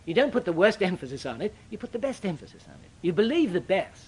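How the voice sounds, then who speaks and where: An older man preaching a sermon, with dramatic, sweeping shifts in pitch and loudness. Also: big pitch swings, quick pace, husky.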